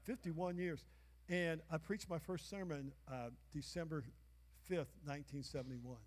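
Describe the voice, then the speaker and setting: A man in his sixties preaching a sermon as pastor, calling out to the congregation for responses and breaking into shouts. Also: a little high, fairly even intonation, moderate pace. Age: 60s. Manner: call-and-response, bursts of shouting. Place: church sanctuary. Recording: long reverb of a church hall.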